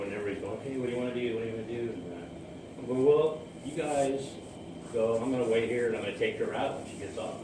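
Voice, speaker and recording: A man casually telling a rambling personal story about his romance, laughing often at his own memories. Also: lowish voice. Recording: roomy, distant mic, ambient noise.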